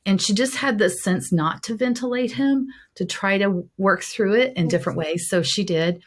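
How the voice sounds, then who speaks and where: A woman's voice: mid-range voice, normal speed. A middle-aged woman, a guest in an interview, telling her personal testimony in an earnest, heartfelt way.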